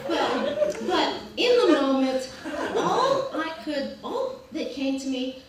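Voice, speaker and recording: A woman's voice: sits high, takes it slowly. Wry woman storyteller in an echoey hall. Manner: wry, self-mocking, lively quoted asides. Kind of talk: live storytelling to an audience. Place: art gallery event space. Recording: very echoey room, distant mic, noise.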